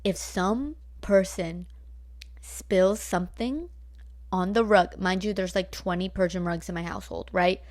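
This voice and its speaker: A nineteen-year-old vlogger from Northern California rants bluntly at home into her laptop's built-in mic, telling a casual storytime. Her voice is lowish and darkish at a measured pace, and she swears freely, filling her talk with "like" and "right."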